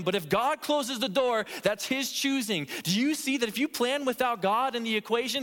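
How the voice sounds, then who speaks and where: A man's voice: very high voice, a little fast, hardly any pauses, a bit bright. A man preaching a sermon in a church, earnest and emphatic, repeating phrases for stress. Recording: echoey church hall reverb.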